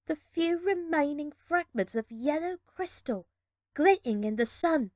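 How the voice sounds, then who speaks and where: A woman reading a children's adventure storybook aloud with measured, dramatic narration. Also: high-pitched, animated, a little mellow, no room sound, studio quality, soft background music.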